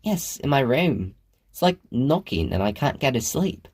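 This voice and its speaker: A man's voice: mid-range voice, very animated, measured pace, darkish tone, breathy edge, voice pushed up. A man voicing a young girl who talks in a pouty, plaintive way. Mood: sleepy. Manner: pouty, plaintive child talk. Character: young girl, sulky and curious.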